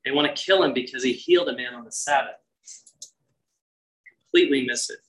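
A man preaching a sermon as pastor, earnest and conversational, often dropping to a hushed voice. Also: medium pitch, brisk, far from the mic, poor audio.

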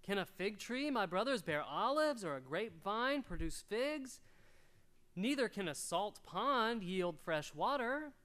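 High-voiced man preaching a sermon. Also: measured pace. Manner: animated storytelling, acts out voices. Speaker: pastor.

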